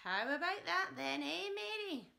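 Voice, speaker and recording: A woman voicing a bossy, mean old grandmother who shouts and gloats, in a storybook reading. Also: very high voice, big pitch swings, measured pace, gravelly, pitched above the performer's own voice, full character voice. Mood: gloating.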